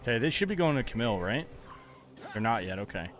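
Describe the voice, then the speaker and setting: A young streamer commentates his own game live, chatting and joking with his chat and tossing out playful, mock-angry trash talk. His medium-pitched, fairly bright voice is very animated and fast, with soft music in the background.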